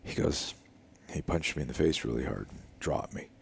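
An older man, a self-defense instructor, telling a story in an interview in a casual, animated way and acting out the dialogue. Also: very deep voice, normal speed, gravelly, husky. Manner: animated, acts out quoted dialogue, casual with frequent "dude" and "like".

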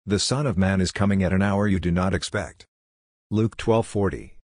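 Deep voiced guy reading a horror novel, slow and grave, dry close sound. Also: a little mellow, no echo. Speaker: audiobook narrator. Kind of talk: first-person horror novel narration.

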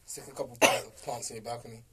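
A man's voice: medium pitch, steady tone, very noisy. A young man, co-hosting a casual, argumentative podcast chat full of slang and jokes. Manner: fast, argumentative, jokey with slang. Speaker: podcast co-host.

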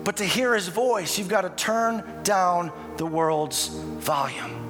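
A male pastor preaches with passion in a high voice, dropping soft and then rising loud. His sermon echoes with a long reverb through a church hall. Soft music plays beneath. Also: slow. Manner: impassioned, swings from hushed to loud.

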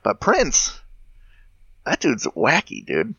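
A man co-hosting a podcast, animated and laughing often, saying "dude.". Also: mid-range voice, slow, vocal fry, slightly rough, dry recording, lo-fi sound. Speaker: podcast co-host. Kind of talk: casual chat.

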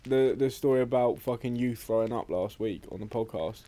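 A man's voice: medium pitch, a little fast, mellow, slight background noise. A young man co-hosting a casual podcast, rambling and swearing a lot. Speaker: podcast co-host.

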